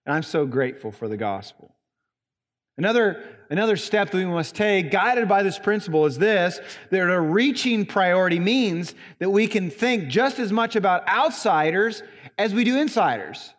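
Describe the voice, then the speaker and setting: A man with a Southern Indiana accent preaching a sermon in a church, stressing single words with long pauses. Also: high-pitched, sing-song, in a large hall. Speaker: pastor. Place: church sanctuary.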